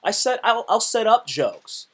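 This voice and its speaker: A man comedian chatting on a live stream in a rambling way, repeating himself and swinging between loud bursts and low mutters. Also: sing-song, slightly rough. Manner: slips into quick put-on voices. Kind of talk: casual live-stream chat.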